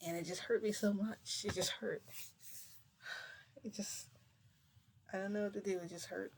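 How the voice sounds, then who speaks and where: A woman's voice: medium pitch, steady tone, moderate pace, creaky, long pauses, a little mellow, slight background noise. A woman vlogger telling a story to camera in a casual, rambling way, close to tears. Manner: emotional, rambling retelling with many "like"s.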